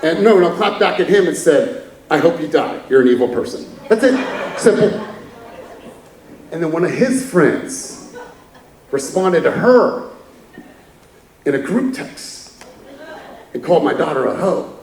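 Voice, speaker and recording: A man's voice: on the high side, sing-song, a little slow, long pauses, a little mellow, far from the mic. A man giving a candid motivational talk from a conference stage, chuckling as he tells stories. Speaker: keynote speaker. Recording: echoey hall from afar.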